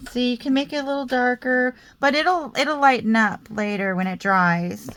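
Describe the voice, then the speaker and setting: Her voice is a little high and fairly bright, and she keeps a moderate pace. A crafting video host with a light Southern American accent, she chats through a casual tutorial, jokes at her own expense, and talks to herself while working.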